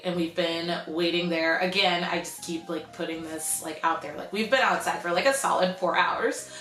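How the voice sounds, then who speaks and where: A young woman telling a story in a casual vlog, chatty and animated, with "like" in nearly every sentence. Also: medium pitch, echoey room. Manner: chatty, animated, heavy use of "like". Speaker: vlogger.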